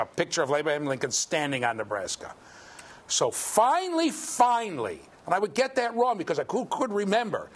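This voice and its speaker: A man giving a university lecture, lively and joking as he quizzes his students. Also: fairly high pitch. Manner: lively, jokey, quizzes the class. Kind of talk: classroom lecture. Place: lecture hall.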